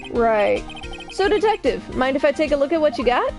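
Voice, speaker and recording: A woman's voice: high-pitched, sing-song, brisk, over music. A woman voicing an earnest young male defense lawyer, polite and a bit hesitant.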